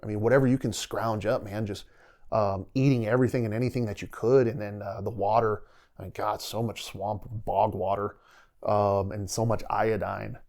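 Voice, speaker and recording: Speaking at a normal speed, a middle-aged man with a lowish, darkish voice keeps his intonation fairly even. A retired soldier on a podcast, he rambles through vivid stories in a casual interview, frequently quoting what he was thinking.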